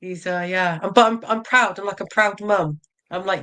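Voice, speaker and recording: A woman's voice: medium pitch, fairly even intonation, normal speed, a bit bright, clean tone. A woman in her forties, a bodybuilder guest in a casual interview, frank and self-mocking, laughing often.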